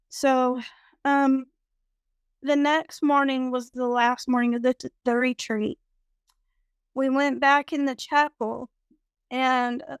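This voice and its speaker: A woman recounting a personal spiritual experience in a reflective, storytelling way, pausing often with "um". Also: sits high, smooth, no room sound. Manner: slow, reflective, with frequent "um" pauses. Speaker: guest sharing a spiritual experience.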